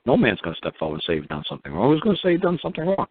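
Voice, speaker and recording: A man's voice: mid-range voice, wildly swooping pitch, rapid-fire, slightly rough, no echo. A man from New York hosting a call-in show, firing blunt, profane rhetorical questions at a caller. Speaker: radio show host. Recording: tinny phone-line sound.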